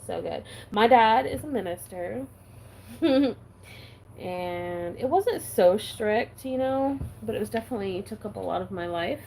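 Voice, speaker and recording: A woman's voice: medium pitch, expressive, measured pace, dark tone, a little hiss or hum, low-quality recording. A woman vlogger chatting casually while she stamps her planner, giggly and talking with a valley-girl lilt.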